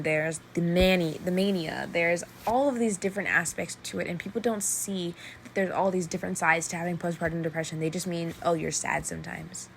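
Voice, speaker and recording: Young woman, solo podcast host, earnest, emphatic, repeats phrases, lowish voice, faint background hum. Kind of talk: personal solo podcast talk.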